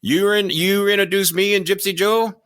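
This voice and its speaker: A man's voice: high voice, steady tone, moderate pace, a bit bright, clean tone, no echo, studio quality, voice pushed up. A man doing an impression of a stern older male wrestling veteran in a put-on Japanese accent, speaking in clipped, commanding broken English. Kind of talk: storytelling impression.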